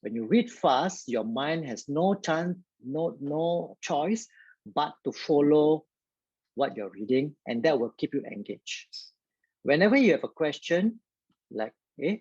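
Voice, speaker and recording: Male tutor, online lesson, keeps saying okay, breathy voice, lo-fi sound. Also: on the high side, a little mellow, no echo. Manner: talks straight to viewers, peppered with "okay". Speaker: biology tutor. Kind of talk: live online study-skills lesson.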